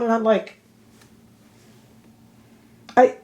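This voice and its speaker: A woman's voice: mid-range voice, animated, moderate pace, a little mellow. A woman casually reviewing makeup products in a vlog, chatty and opinionated with playfully dramatic asides. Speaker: beauty reviewer.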